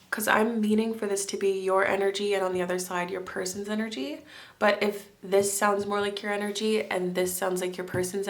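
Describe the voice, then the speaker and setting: A woman from France giving a pick-a-card tarot reading, chatty and musing, often thinking aloud with fillers and restarts. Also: medium pitch. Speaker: tarot reader.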